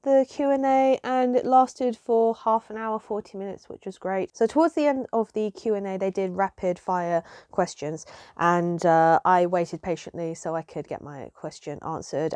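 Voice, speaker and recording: A woman's voice: fairly low pitch, darkish tone, clear, resonant tone, dry recording. A woman vlogger chatting casually and emotionally, rambling with lots of fillers and restarts. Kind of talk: casual chat.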